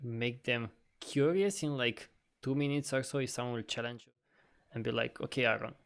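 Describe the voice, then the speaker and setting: A man co-hosting a casual podcast conversation, animated and swearing often, with frequent laughs. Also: medium pitch, normal speed, clear, resonant tone. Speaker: podcast co-host.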